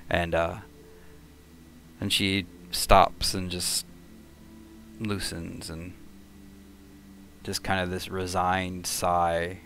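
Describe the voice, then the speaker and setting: A man runs a tabletop game, narrating the scene in a deep, flat voice. He talks casually and halts often, with a faint hiss behind him. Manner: casual and halting, with fillers. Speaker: game master.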